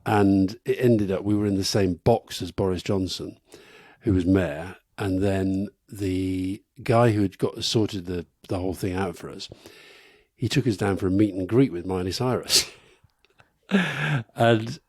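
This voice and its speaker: Middle-aged male podcast co-host, low-ish, dry, close sound, wry storyteller. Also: a little slow, a little mellow, no room sound. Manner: anecdotal, wry storytelling with laughs. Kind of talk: live podcast conversation. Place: live stage event.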